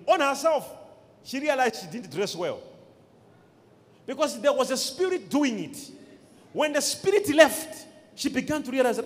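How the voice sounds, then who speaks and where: A man's voice: extremely high pitch, very animated, moderate pace, long pauses, fairly bright tone. A man preaching a sermon as pastor, with emphatic call-and-response to the congregation. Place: church. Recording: long hall reverb.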